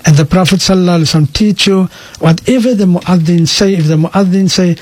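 Husky-voiced sheikh on radio. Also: male voice, high-pitched, quick pace, no echo. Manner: calm, explanatory, mixes in Afrikaans phrases. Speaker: sheikh answering listener questions. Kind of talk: radio call-in Q and A. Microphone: radio studio microphone.

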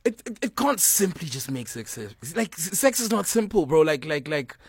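A man co-hosting a radio talk show, joking and animated, mixing in local words. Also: a little high, normal speed, slightly rough, no echo, studio quality. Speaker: radio co-host. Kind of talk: casual chat.

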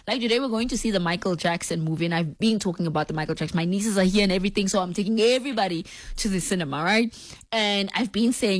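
A woman's voice: mid-range voice, normal speed, no echo. A woman hosting a casual talk show. She reads listener messages, laughs often and acts out scenes with her family. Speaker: radio talk show host. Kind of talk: casual on-air chat, reading listener messages.

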